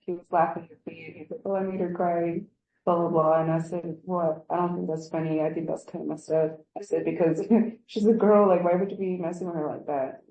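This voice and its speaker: A woman's voice: on the low side, steady tone, a little fast, hardly any pauses, mellow, echoey room, low-quality recording. A woman giving a rambling account of a workplace incident in an interview, acting out what others said. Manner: rambling, acts out quoted dialogue. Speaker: employee giving a workplace statement.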